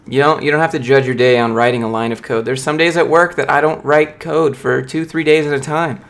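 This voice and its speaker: A man's voice: mid-range voice, fairly even intonation, fairly quick, creaky, fairly bright tone. A young man on a casual livestream, reading and answering viewer chat in a blunt, motivational way. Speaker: streamer, software developer.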